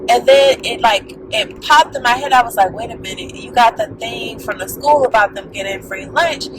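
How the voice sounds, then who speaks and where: A woman's voice: a little high, moderate pace, background noise. A woman in her thirties talking candidly to camera as a vlogger, rambling with lots of fillers. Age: 30s. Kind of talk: casual talk to camera. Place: in a car.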